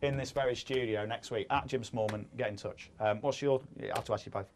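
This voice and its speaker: A man's voice: mid-range voice, steady tone, fast, a little hiss or hum. A man in his thirties hosting a casual studio chat, joking and rambling, often laughing at his own lines. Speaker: host.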